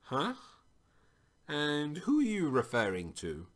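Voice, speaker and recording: A carefree, half-mad stranger who teases and lectures by turns, as a man acts him out. His pitch leaps high and wide, with sudden bursts. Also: wildly swooping pitch, takes it slowly, fairly bright tone, exaggerated voice. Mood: puzzled. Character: eccentric carefree man, teasing and unhinged.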